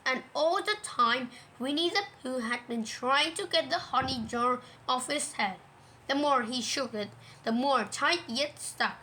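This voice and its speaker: Woman, storybook read-aloud, high bright voice, slow and gentle. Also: rough recording.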